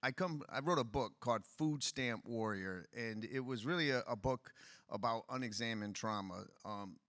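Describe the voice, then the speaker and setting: A man's voice: mid-range voice, moderate pace, a bit bright, no room sound, clean studio sound. A middle-aged man from Detroit, a political candidate telling his story bluntly in a fireside chat. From Detroit, USA.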